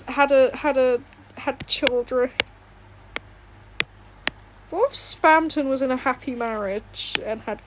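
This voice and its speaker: High-pitched woman streamer, rambling and giggly, home room with a loud fan behind. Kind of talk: casual livestream chat while drawing. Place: home bedroom. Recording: fan noise in background. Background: fan hum.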